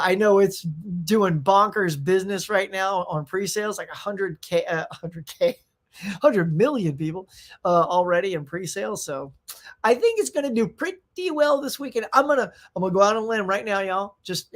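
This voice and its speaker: Rambling, excitable male stream host. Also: high-pitched, normal speed. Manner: rambling and excitable, with frequent restarts and laughs. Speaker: pop culture show host. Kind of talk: casual live-stream chat.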